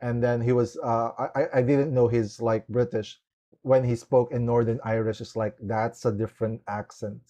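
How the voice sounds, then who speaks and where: A man's voice: mid-range voice, level tone, moderate pace, dark tone. A man hosting a podcast interview in a casual, rambling way, leaning heavily on "like" as he talks. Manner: rambling, heavy use of "like" and "it's like". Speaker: podcast host.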